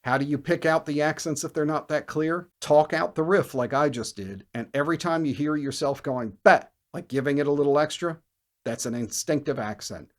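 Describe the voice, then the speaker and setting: A man teaching bass in a video lesson, who explains with energy and scats riffs and counts beats out loud. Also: a little fast.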